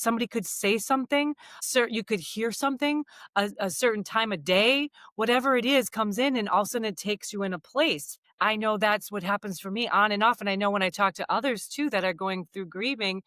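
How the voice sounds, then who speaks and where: A woman's voice: medium pitch, fairly quick, few pauses, fairly bright tone, dry recording, studio quality. Reflective woman podcast co-host. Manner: reflective, many "you know" asides. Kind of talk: casual podcast conversation.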